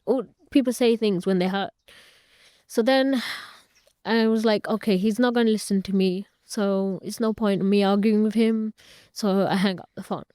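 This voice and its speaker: A woman's voice: medium pitch, steady tone, moderate pace, mellow, dry recording, clean studio sound. A young woman, a guest in an interview, earnestly recounting a personal story and retelling family conversations at length.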